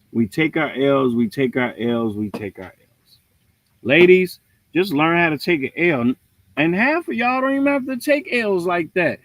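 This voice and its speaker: A man's voice: mid-range voice, dry recording. A man hosting a livestream, giving a casual, preachy rant with jokes. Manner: animated, preachy, joking. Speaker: livestream host.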